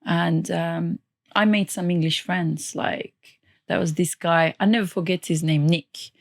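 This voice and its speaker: A woman from Turkey with a Turkish accent touched by Birmingham, telling stories in a relaxed, chatty way as a podcast guest, often laughing. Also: on the low side, measured pace, vocal fry. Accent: Turkish, mixed with a Birmingham lilt. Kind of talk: casual interview chat.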